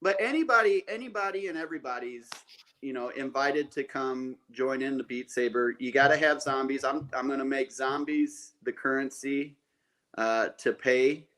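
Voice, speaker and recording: A man co-hosting a casual podcast, his voice at an ordinary middle pitch. He rambles cheerfully and circles back over his own words while he works out plans aloud. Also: normal speed, pushed and bright. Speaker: podcast co-host.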